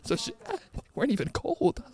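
A man's voice: moderate pace, darkish tone. A young man hosting a podcast, chatting casually and telling stories, laughing through his own tales. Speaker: podcast host. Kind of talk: casual chat.

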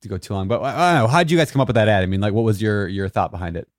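A man's voice: lowish voice, rapid-fire, dry recording, clean studio sound. A man co-hosting a podcast, talking casually with lots of fillers and a joking way of speaking. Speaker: podcast co-host. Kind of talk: podcast interview.

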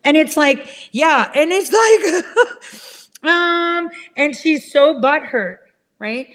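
A woman ranting in casual chat, rambling and swearing, switching to a higher voice when she mimics other people. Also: animated, drawn-out words, a bit bright.

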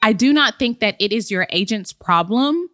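A woman's voice: on the high side, animated, normal speed, a bit bright, no room sound, studio quality. A woman hosting a comedic advice podcast, talking sassy and playful and laughing at her own jokes. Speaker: podcast host.

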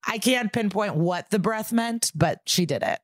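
A woman's voice: mid-range voice, moderate pace, no echo, studio quality. A woman podcast co-host casually recapping a TV episode, talking freely and swearing. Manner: chatty, swears casually, quotes characters. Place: living in a big West Coast city.

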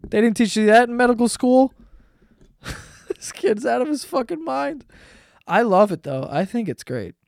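A man's voice: very high-pitched, expressive, normal speed, creaky, pauses often, a little mellow, no room sound, clean studio sound. A man hosting a podcast, telling stories in a rambling, profane way and laughing often. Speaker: podcast host. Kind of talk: casual solo storytelling.

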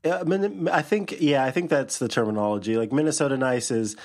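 A man's voice: medium pitch, brisk. A man co-hosting a podcast in casual chat, joking and laughing often. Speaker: podcast co-host.

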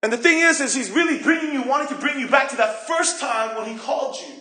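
Pastor guy preaching, acts out the questions, kinda high voice, echoey church sound. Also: fast, bright, forceful tone. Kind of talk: sermon. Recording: roomy echo.

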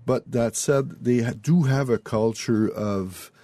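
Male guest author, explanatory, halting, mellow tone, dry studio. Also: medium pitch, no room sound. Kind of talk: interview chat.

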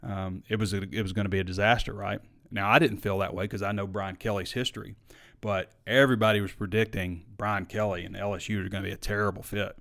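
A man's voice: lowish voice, fairly even intonation, fast, creaky, a bit bright. A man hosting a live sports talk show, chatting casually and opinionated, reading viewer comments and arguing back. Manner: opinionated, conversational, frequent fillers.

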